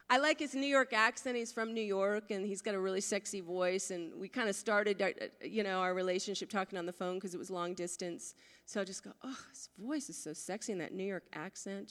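A woman's voice: fairly high pitch, fairly bright tone. Conversational woman pastor in a hall. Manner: conversational, asks the congregation questions. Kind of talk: sermon. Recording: long hall reverb.

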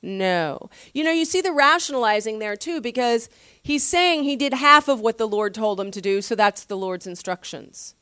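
A woman's voice: on the high side, moderate pace, smooth, dry recording, studio quality. Chatty woman pastor teaching Scripture. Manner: conversational, chatty with frequent laughs and fillers; animated, slangy asides. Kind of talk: casual Bible teaching.

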